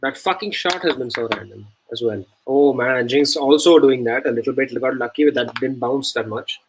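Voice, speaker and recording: A man's voice: mid-range voice, moderate pace, slight background noise, poor audio. A man co-hosting a cricket watch-along, chatting casually, telling stories with a laugh and swearing freely. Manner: laughing, swears, tells anecdotes. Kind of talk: casual live-stream chat and commentary.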